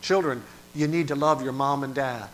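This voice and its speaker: A man preaching a sermon, moving from quiet, low passages to loud, dramatic cries. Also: moderate pace, slight background noise. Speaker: pastor.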